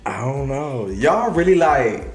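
Brief: man, Detroit accent, co-host, teasing and playful, lively swooping pitch, faint music behind. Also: a little slow. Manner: playful and teasing, laughing often. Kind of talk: casual chat.

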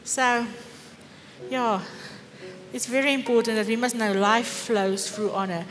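A woman's voice: on the high side, steady tone, unhurried. Fervent Afrikaans-accented woman preaching. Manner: fervent, with rhetorical questions. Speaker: pastor. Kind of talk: sermon. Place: church hall. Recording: echoey church hall with faint music.

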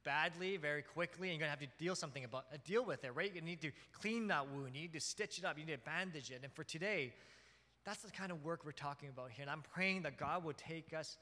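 A man preaching a sermon as pastor, telling family stories with lively acted-out scenes. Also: on the high side, quick pace, long reverb tail. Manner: animated storytelling, acts out scenes.

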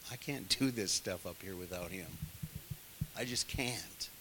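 A man's voice: low-pitched, measured pace, bright, forceful tone, a little hiss or hum. A man preaching a sermon in a conversational way, full of asides to the congregation. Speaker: pastor.

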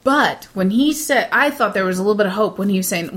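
Woman co-hosting an animated movie review chat. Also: medium pitch, brisk, few pauses. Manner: animated, laughs often.

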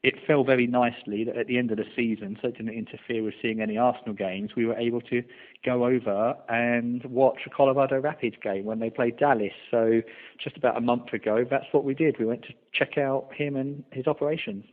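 A man being interviewed as a guest, speaking in a measured, formal way. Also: mid-range voice, steady tone. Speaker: guest, supporters' trust representative. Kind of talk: phone interview. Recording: tinny phone line.

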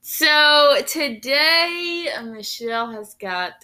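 A woman's voice: high-pitched, animated, slow, sharp tone. A woman co-hosting a podcast in casual chat, playful and giggly, a little self-conscious. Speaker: podcast co-host.

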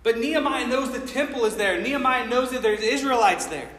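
A man's voice: very high-pitched, brisk, a bit bright. A man preaching a sermon in a church, telling the story casually and with slang, acting out what people say. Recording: echoey hall with long reverb.

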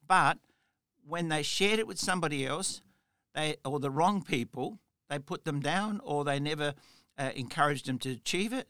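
Bright-voiced earnest male podcast host. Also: on the high side, dry recording, studio quality. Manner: rambling, earnest, heavy use of "you know". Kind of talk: solo motivational podcast talk.

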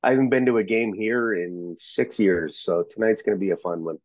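A man chatting as a podcast guest, an excitable storyteller who rambles and restarts his sentences. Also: lowish voice, brisk, no room sound. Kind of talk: casual chat.

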